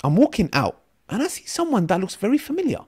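A man, a podcast guest who tells lively stories and acts out the voices in them. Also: high-pitched, fast talker, husky. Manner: animated storyteller, acts out quotes.

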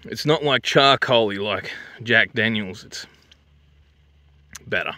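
Crude bright-voiced Australian bloke. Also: male voice, lowish voice, slow, no echo. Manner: crude, swearing, larrikin banter. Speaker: drink and food reviewer. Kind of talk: crude casual vlog commentary.

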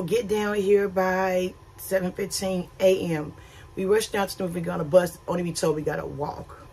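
A woman's voice: low-pitched, a little mellow, a little hiss or hum. A woman talking casually to her camera for a travel vlog, candid and chatty, filming outdoors and then aboard a ship. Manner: chatty, candid, uses y'all. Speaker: cruise vlogger.

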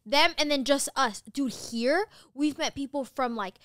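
A young woman co-hosting a podcast, chatting casually and gushing with animated enthusiasm, dropping the odd swear. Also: sits high, unhurried, dry recording. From United States. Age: young adult. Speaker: podcast co-host. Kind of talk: casual chat.

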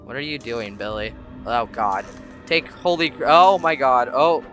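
A young man chatting casually through a horror game, jumpy and prone to sudden shouts. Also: mid-range voice, animated, measured pace, faint music behind. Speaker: gamer. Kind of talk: casual gameplay commentary.

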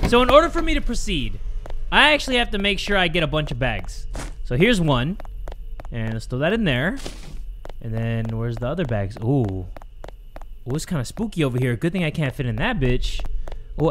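Excitable high-voiced young man gaming. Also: slight background noise. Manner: loud, excitable, crude jokes, shouting in panic. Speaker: gaming YouTuber. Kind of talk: horror game let's play commentary.

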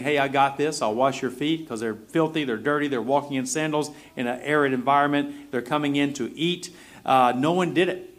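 A man preaching a sermon as pastor, his voice sitting at an ordinary middle pitch. He talks in a relaxed, conversational way, mixing scripture reading with plain commentary and frequent fillers.

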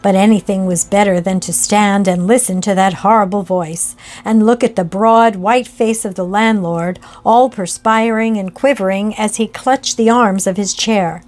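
A woman's voice: mid-range voice, steady tone, a little mellow, soft background music. Woman narrating a ghost story. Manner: slow, measured reading.

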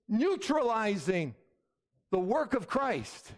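A man's voice: high-pitched, big pitch swings, moderate pace. A middle-aged man, a pastor preaching an emphatic sermon and calling out "Amen?" to the congregation.

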